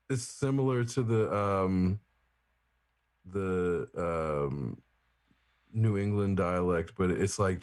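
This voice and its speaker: Slow, hesitant man. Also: deep voice, a little mellow, dry recording. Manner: hesitant, many fillers and restarts. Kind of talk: casual podcast chat.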